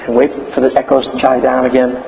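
A man preaching a sermon, emphatic and building to loud declarations. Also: medium pitch, completely flat delivery, fast talker, in a large hall, highs cut off, slight background noise.

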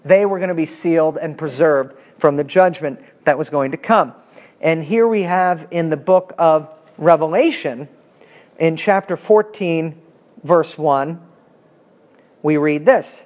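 Man teaching a Bible class, fairly high voice, animated, chatty asides, fifties. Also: measured pace. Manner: animated, pitch swinging up when emphatic.

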